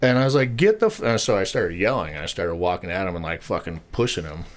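A man telling a story on a casual podcast, swearing freely and acting out shouted lines. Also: low-pitched, fairly quick. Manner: animated storyteller, swears a lot, acts out shouted quotes. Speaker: podcast co-host.

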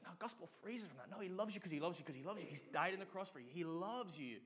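A middle-aged man preaching a sermon in a lively, chatty way, telling personal stories and leading his audience in call-and-response. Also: sits high, fast, hardly any pauses, slightly rough.

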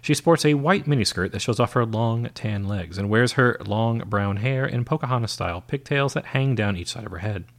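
A man narrating a novel aloud in a steady, measured storytelling manner. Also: lowish voice.

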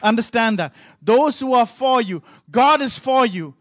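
A man's voice: very high voice, lively intonation, measured pace, fairly bright tone, no room sound. A man pastor preaching a sermon with emphatic, repetitive rhythmic phrasing.

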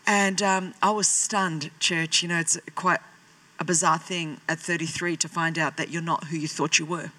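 A woman's voice: lowish voice, flat delivery, moderate pace, sharp tone. A woman, preaching a sermon as a pastor and telling her own story with self-deprecating humour. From Australia. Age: 40s.

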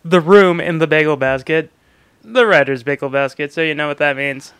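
A man's voice: on the high side, moderate pace, background noise. A man hosting a podcast in a joking, casual chat, laughing often. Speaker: podcast host.

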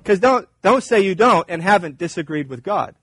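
A man's voice: high voice, lively intonation, moderate pace, fairly bright tone, slightly rough. A man preaching a sermon in a conversational, emphatic way, acting out little dialogues. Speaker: pastor.

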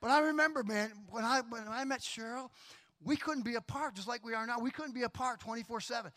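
A middle-aged man preaches in a church, voice pitched high for a man. He tells his story with animation, laughing and acting out the other voices as he goes. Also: a little fast, pushed and bright. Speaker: pastor. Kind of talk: sermon with personal story.

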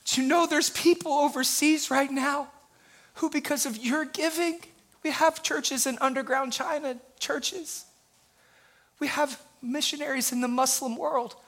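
A man's voice: extremely high pitch, fairly even intonation, a little slow, fairly bright tone. A male pastor preaching a sermon with passion, building his points through repeated phrases.

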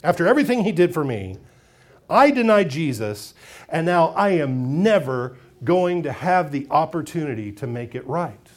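Delivering a sermon at an ordinary pace, this man's voice leans high as he vividly tells a story, performing the quoted lines in different voices.

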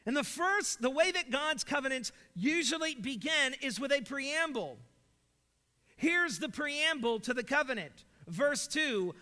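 Man preaching, very high voice, emphatic rhetorical questions, long hall reverb. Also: expressive, a little slow, pushed and bright. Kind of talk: sermon.

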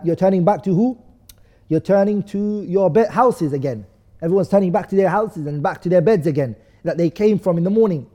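A man with a high, mellow voice teaching a class. He keeps asking questions and answering them himself, and recites set phrases as he goes. His voice rings with the long reverb of a large hall. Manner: recites phrases in another language. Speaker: teacher of a study course. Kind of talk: classroom lesson explaining texts.

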